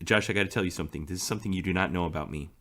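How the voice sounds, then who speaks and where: A man's voice: low-pitched, racing, a bit bright. A man co-hosting a podcast, telling a story in casual chat and laughing often. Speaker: podcast co-host.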